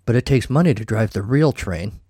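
A man's voice: fairly low pitch, expressive, a little fast, mellow, slightly rough, no echo, clean studio sound. Man doing a weary, sardonic dying man. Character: dying, grumbling middle-aged man, dry and bitter.

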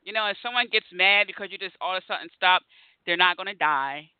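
A man's voice: high voice, quick pace, clean tone, no echo. A man hosting a casual conversation, telling stories animatedly and acting out his own reactions. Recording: tinny phone-like line.

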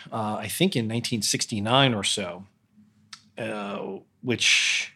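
A man's voice: lowish voice, pushed and bright. A man hosting a podcast, talking through films in a blunt, opinionated, conversational way with frequent hesitations. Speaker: podcast host. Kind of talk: casual solo film commentary.

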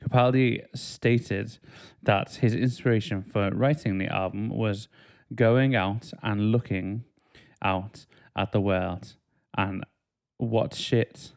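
A man's voice: fairly low pitch, fairly even intonation, slow pace. A man hosting a casual podcast chat, reading album facts aloud and laughing at clumsy wording. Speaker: podcast host.

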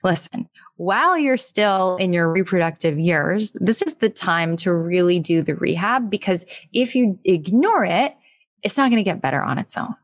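A woman with a fairly low voice explains in lively, animated bursts. The sound is dry and close, with no room around her. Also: moderate pace, no room sound. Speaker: pelvic health expert guest. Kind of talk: casual interview chat.

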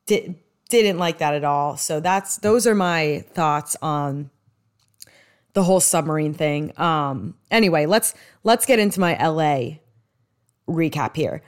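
A woman with a New York accent, from the US East Coast, hosting a podcast in rambling, chatty solo talk with many restarts. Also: low-pitched. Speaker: podcast host. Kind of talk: casual solo podcast chat.

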